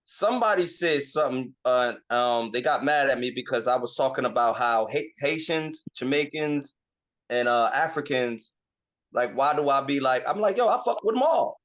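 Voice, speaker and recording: A man's voice: medium pitch, expressive, moderate pace, fairly bright tone. A man from North Carolina, a podcast co-host, talking bluntly and swearing freely in a casual group discussion.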